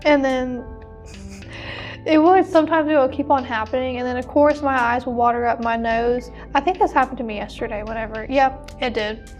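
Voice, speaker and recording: A woman's voice: high-pitched, fairly even intonation, moderate pace, darkish tone, soft background music. A teenage woman co-hosting a podcast, chatting casually with frequent giggles and restarts. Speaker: podcast co-host. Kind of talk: casual chat.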